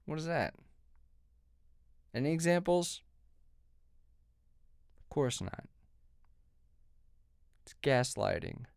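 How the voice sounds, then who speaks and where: A man's voice: fairly high pitch, big pitch swings, slow, vocal fry, pauses often, darkish tone, no echo, studio quality. A man giving sarcastic, indignant political commentary, mocking and cursing as he reacts to a clip.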